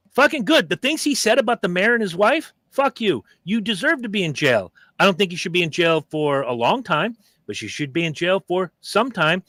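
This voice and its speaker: A man's voice: fairly high pitch, bright, forceful tone, dry recording. A middle-aged man hosting a podcast, chatting casually and telling stories with profanity and acted-out quotes. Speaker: podcast host. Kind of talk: casual chat.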